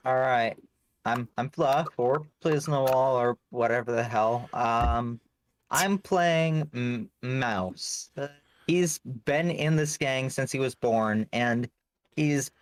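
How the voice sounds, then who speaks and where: A slow-talking player introduces a character for a tabletop game. They ramble a bit and take their time. The sound is dry and close. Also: medium pitch, no room sound. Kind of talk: casual self-introduction.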